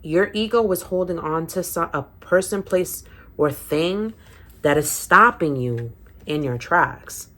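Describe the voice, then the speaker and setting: A woman's voice: on the low side, takes it slowly, a bit bright. A woman with a Spanish accent giving a casual tarot reading to her viewers, rambling and often restarting her phrases. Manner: rambling, repeats and restarts phrases, frequent "okay?". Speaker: tarot reader.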